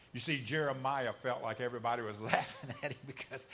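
A man preaching an impassioned sermon, swinging between loud emphatic lines and hushed asides, with folksy, colloquial phrasing. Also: mid-range voice, a little fast, hardly any pauses.

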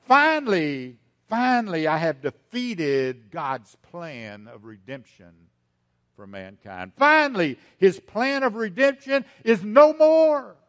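A man's voice: high voice, sing-song, slow, fairly bright tone, big-room sound, voice pushed up, full character voice. A man voicing Satan, proclaiming his victory in an exultant, declaiming way during a sermon. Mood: gloating. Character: gloating triumphant Satan, male.

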